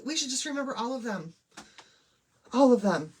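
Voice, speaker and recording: A woman with a fairly high, husky voice runs a laid-back craft livestream at a moderate pace. Bubbly and talkative, she welcomes viewers one at a time while laying out her supplies, her pitch swinging widely.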